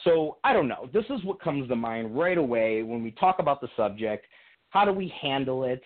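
Young man, mid-pitched voice, earnest and reflective, frequent restarts, phone-line sound, radio call-in. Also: big pitch swings, moderate pace. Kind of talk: casual conversational storytelling.

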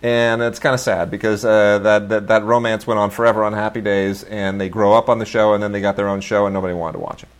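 A man's voice: on the low side, flat delivery, fast, hardly any pauses, clear, resonant tone. A middle-aged man hosting a casual chat about new releases, rambling with many fillers and restarts, gushing with enthusiasm. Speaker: host.

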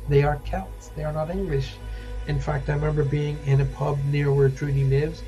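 A man's voice: medium pitch, mellow, low-quality recording. An Irish man from Ireland hosting a casual livestream as a psychic medium, chatting and reading out viewer comments in a rambling, reassuring way.

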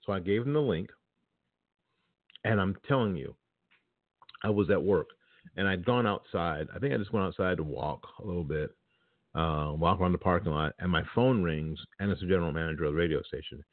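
A very low-pitched man talks straight to his audience in a blunt, opinionated, casual monologue. The sound comes through a tinny, phone-like line and is dry and close, with no room echo. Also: fairly quick. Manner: blunt and opinionated, speaks directly to listeners. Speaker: podcast talk-show host.

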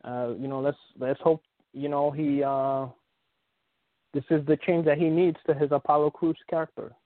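A casual sports show host speaks in a slightly high, level-toned voice at normal speed. The recording comes through a phone call, tinny and dry, and he rambles with plenty of fillers and restarts.

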